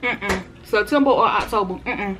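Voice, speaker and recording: A woman's voice: mid-range voice, normal speed, noisy background. A woman food vlogger in casual mukbang chat, talking to viewers between bites.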